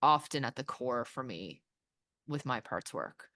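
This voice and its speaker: A woman hosting a podcast, talking candidly and swearing freely, with halting restarts. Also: very deep voice, lively intonation, bright, forceful tone, no room sound, clean studio sound. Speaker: podcast host. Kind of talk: candid therapy-style conversation.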